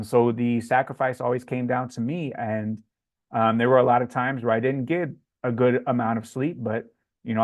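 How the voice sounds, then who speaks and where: Relaxed and talkative, a man with a Florida accent works through chat questions during a casual livestream Q&A. His pitch is medium, and he regularly drops an "um" before replying.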